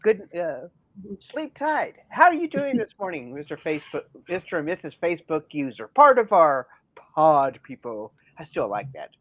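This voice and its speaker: A man's voice: a little high, big pitch swings, moderate pace, dry recording, dull audio. A man co-hosting a casual podcast, talking in a playful, jokey way. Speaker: podcast co-host.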